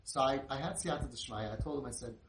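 A middle-aged man, telling an inspirational story in an animated way and sprinkling in Yiddish and Hebrew words. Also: medium pitch, fast talker. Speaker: inspirational speaker. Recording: roomy, distant mic with faint noise.

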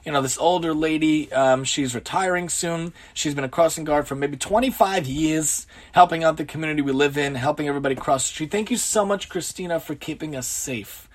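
A man's voice: fairly high pitch, a little fast, few pauses. Earnest man giving a moral talk. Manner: earnest, rhetorical questions, repeats words; sprinkles Hebrew and Yiddish terms. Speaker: religious lecturer. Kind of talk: Torah lecture on everyday conduct.

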